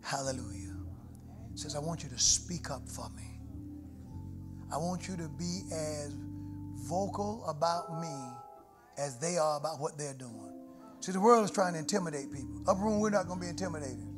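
A middle-aged pastor, preaching a sermon live in a church with dynamic swings from soft prayerful murmurs to loud shouted lines. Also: male voice, a little high, normal speed. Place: church sanctuary. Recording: live church livestream with organ music behind. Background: musical instruments.

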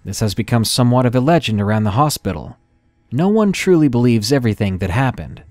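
A man reading a first-person horror story in a measured, dramatic narration style. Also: medium pitch, big pitch swings, a little mellow, no room sound, clean studio sound.

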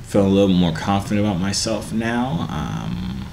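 A man's voice: deep voice, sing-song, normal speed, creaky, a little mellow, a little hiss or hum. A young man hosting his video channel, joking and teasing strangers in a casual video chat. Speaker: YouTuber host.

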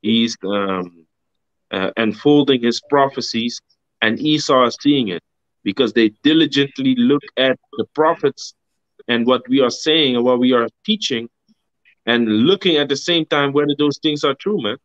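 A man's voice: medium pitch, normal speed, no echo. A man on a casual live stream discussing scripture, talking in an emphatic, slangy way, ending sentences with "man" and swearing freely. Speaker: co-host of a religious live stream. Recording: dull, dry sound.

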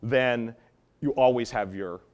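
A man explaining dog training methods in an animated teaching talk, acting out example tones of voice as he goes. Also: mid-range voice, takes it slowly, a little hiss or hum. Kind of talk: instructional talk.

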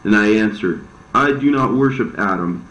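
A man voicing the devil, an envious, deceitful fallen angel who talks in a smooth but aggrieved way. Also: on the low side, moderate pace, a bit bright, lightly acted. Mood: bitter. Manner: smooth-talking, bitter, aggrieved. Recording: roomy, slightly dull recording.

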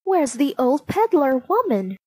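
A woman's voice: sits high, sing-song, a little slow, no echo, voice pushed up. A woman voicing a sweet, trusting young princess in a storybook reading. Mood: breathless. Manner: breathless and eager.

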